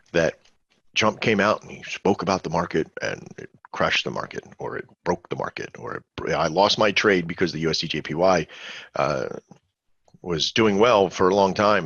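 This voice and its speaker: A man with a low, gravelly, somewhat husky voice hosts a live webinar, rambling conversationally and throwing questions at his listeners. The sound is dull and lo-fi, like a computer mic on a video call, and dry. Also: fairly bright tone, dry recording. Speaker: trading webinar host. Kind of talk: casual live webinar teaching.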